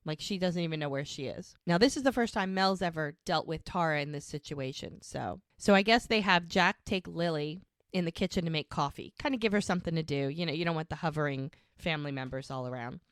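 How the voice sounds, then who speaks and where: A woman's voice: sits low, brisk, clean tone, no echo, studio quality. A woman co-hosting a podcast, casually recapping an episode in a chatty, rambling way. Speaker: podcast co-host.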